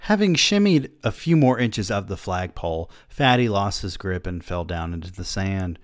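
A man's voice: low-pitched, very animated, moderate pace, dry recording, clean studio sound. A man reading a story aloud who keeps breaking off to mock himself in sardonic comic asides. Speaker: reader of a story.

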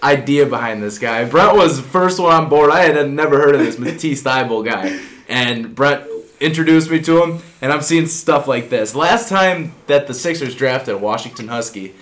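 A man in relaxed podcast chat, telling stories and stats in a laid-back way. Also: medium pitch, moderate pace. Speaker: podcast co-host. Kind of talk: casual sports chat.

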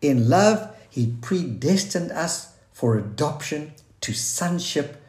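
A man's voice: on the high side, expressive, slow, darkish tone. A man preaching a sermon in an earnest, searching way, quoting scripture and restarting his thoughts. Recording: roomy echo.

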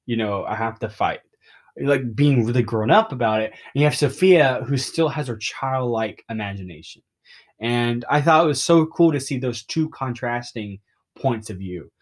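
Young guy on a podcast, mid-pitch voice, rambly and excitable, lots of ums and restarts. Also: moderate pace. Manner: openly emotional. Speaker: podcast host. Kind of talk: casual podcast recap of a comic.

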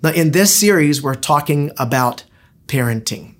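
A man's voice: on the high side, expressive, moderate pace. A middle-aged man preaching a sermon as pastor, in a conversational, anecdotal way with frequent restarts.

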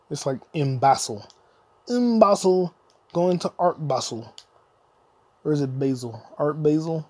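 A man's voice: on the high side, expressive, normal speed, darkish tone, breathy edge. A young adult man hosting a podcast, delivering a profane, insulting solo comedy rant that mock-lectures the listener. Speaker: podcast host.

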